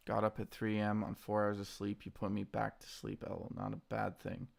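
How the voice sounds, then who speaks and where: A tired man talks through his trades in a hushed morning voice. His voice sits a little low with a gravelly rasp. He stays laid-back, answering chat as he goes. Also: flat delivery, moderate pace, few pauses. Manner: quiet, subdued morning voice; laid-back, reads chat names aloud. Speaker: stock trading streamer. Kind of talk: casual live-stream chat.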